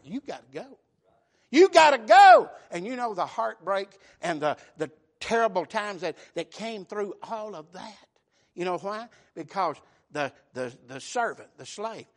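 Bright-voiced preacher building to shouts. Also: male voice, high-pitched. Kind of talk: sermon.

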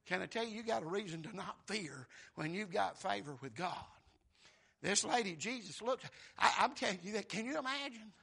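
A preacher, a man with a high, bright, cutting voice and a gravelly rasp underneath. He preaches with fervor and breaks into loud shouts. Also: expressive, moderate pace. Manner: fervent preaching, bursting into shouts. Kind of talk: sermon.

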